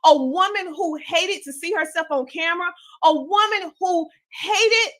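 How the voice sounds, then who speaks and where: A woman with a Southern country twang delivers a motivational speech to her audience. Her voice sits high. She talks with repetitive, preacher-like emphasis. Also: a little slow, fairly bright tone. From Southern United States. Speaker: podcaster and coach.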